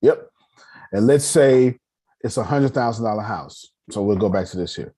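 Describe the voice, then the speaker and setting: A husky, fairly low-pitched man talks at normal speed while hosting an online personal finance session. It's casual, animated teaching talk where he jokes, calls on listeners and restarts often.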